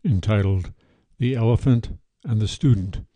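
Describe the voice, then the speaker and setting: A man hosting a podcast, calmly narrating a retold ancient story in a measured way. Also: lowish voice, dry recording, highs cut off.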